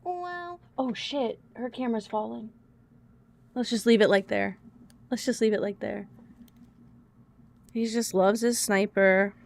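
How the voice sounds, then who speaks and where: A woman's voice: mid-range voice, fairly even intonation, a little slow, gravelly, long pauses. A young woman streaming a video game, chatting casually with her viewers, laughing often and swearing freely.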